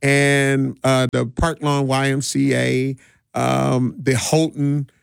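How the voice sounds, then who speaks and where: A middle-aged man who works as a DJ tells stories in a relaxed, rambling way during a casual interview, with frequent restarts and laughs. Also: medium pitch, slow, creaky, smooth, dry recording, clean studio sound. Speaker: DJ and community party organizer.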